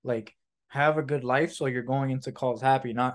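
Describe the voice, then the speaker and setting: A man's voice: mid-range voice, steady tone, normal speed. A man co-hosting a casual podcast who rambles, swears freely and slips into mocking impressions of his own inner voice. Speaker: podcast co-host.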